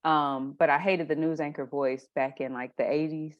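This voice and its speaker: A woman chatting casually as a guest, telling animated stories and acting out her own reactions. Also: low voice, normal speed, highs cut off. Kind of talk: casual conversation.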